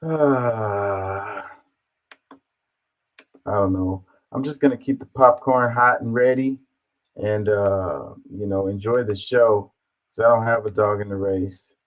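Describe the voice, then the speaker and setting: Slow laid-back man reacting to clips. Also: lowish voice, low-quality recording. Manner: laid-back, amused, frequent fillers. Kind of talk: casual reaction commentary.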